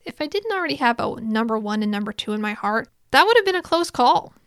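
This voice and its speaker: A woman's voice: fairly high pitch, sing-song, fast talker, fairly bright tone, clean tone, no echo, studio quality. A woman voicing an earnest, slightly flustered young man hero, read in a recap.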